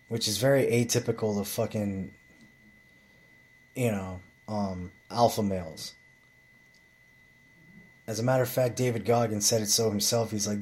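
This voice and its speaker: A man's voice: lowish voice, fairly even intonation, normal speed, long pauses, a little mellow. A man telling a rambling bar story in a blunt, profane, casual way, with frequent restarts.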